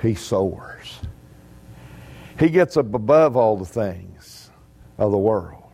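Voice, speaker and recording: A man's voice: on the low side, expressive, slow, creaky, warm tone. A man preaching a sermon, telling folksy stories with humor.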